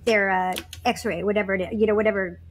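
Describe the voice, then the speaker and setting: A woman's voice: mid-range voice, fairly even intonation, fast, a little hiss or hum. A middle-aged woman telling stories as a podcast guest, laughing often and acting out the voices of the people in them. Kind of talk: animated storytelling on a podcast.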